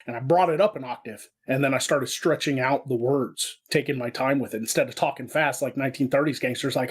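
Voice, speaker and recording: A man, a comedy creator, chatting in an interview and telling stories in an animated way. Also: medium pitch, fairly quick, hardly any pauses, husky. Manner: animated storyteller, slipping into voice impressions. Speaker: guest, online comedy creator. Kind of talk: casual interview chat.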